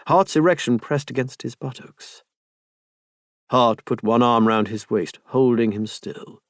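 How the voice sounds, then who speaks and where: Male narrator, measured reading, mid pitch, dry close recording. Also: dry recording. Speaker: audiobook narrator. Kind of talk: scripted narration.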